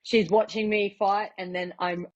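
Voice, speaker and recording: Guesting on a podcast, a young Australian professional MMA fighter shares stories in a mid-range, level voice at a moderate pace. She chats freely, laughing and using lots of fillers, in slightly muffled audio.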